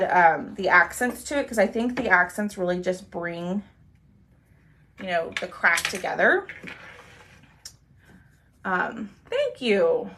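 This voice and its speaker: A woman's voice: mid-range voice, bright, forceful tone, slight background noise. A young woman hosting a chatty live craft stream, talking viewers through her work and thanking commenters as she goes. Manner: bubbly, talks to viewers while working, thanks commenters.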